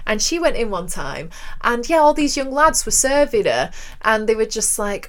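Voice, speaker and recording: Woman in her twenties, co-host, casual storyteller, quick laughs. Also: mid-range voice, lively intonation, a bit bright. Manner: chatty storyteller, laughs often. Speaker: radio co-host. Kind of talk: casual chat.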